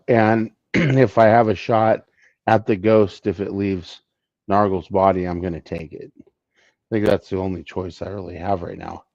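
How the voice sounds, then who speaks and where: A man playing a tabletop game, deliberately planning his moves out loud. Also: lowish voice, dry recording, dull audio. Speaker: player. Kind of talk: casual tabletop game chat.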